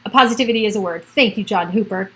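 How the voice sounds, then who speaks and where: A woman's voice: mid-range voice, fast, bright, forceful tone, low-quality recording. A middle-aged woman, a realtor hosting a casual livestream from home, chatting in a rambling way and laughing often. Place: at home by a computer.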